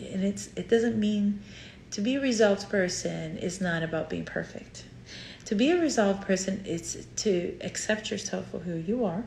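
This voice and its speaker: A woman's voice: fairly low pitch, gravelly, echoey room, slight background noise. A woman from Brazil with a Brazilian Portuguese accent, a native Portuguese speaker, giving an earnest teaching talk to camera as a therapist and repeating phrases for emphasis.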